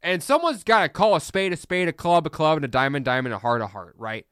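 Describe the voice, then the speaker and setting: A man's voice: a little high, lively intonation, quick pace, fairly bright tone, clean tone, dry recording, studio quality. Fired-up man ranting. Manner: fired-up, blunt, preachy. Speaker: sports podcast host. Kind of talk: opinionated solo podcast rant.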